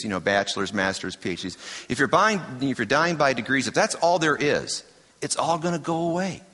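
A man's voice: mid-range voice, fairly bright tone. A man preaching a sermon as pastor, emphatic and conversational, with self-deprecating asides. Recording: hall reverb.

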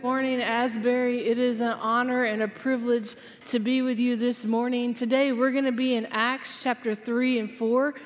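Woman preacher, higher voice, storytelling, long hall reverb, live chapel sermon. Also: flat delivery, soft background music. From South Georgia, US. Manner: storytelling, emphatic slow pauses on key phrases. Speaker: chapel speaker.

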